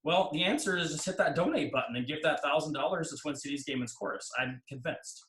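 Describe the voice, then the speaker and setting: A man's voice: on the high side, quick pace, a bit bright. A man speaking as a guest choir director on a video call, chatty, with self-deprecating humor. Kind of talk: casual interview chat. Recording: roomy video-call audio.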